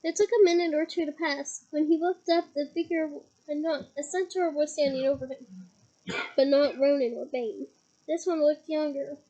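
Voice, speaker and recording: High-voiced young woman reading aloud. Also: steady tone, moderate pace, mellow, rough recording. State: head cold, occasional coughing. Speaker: reader.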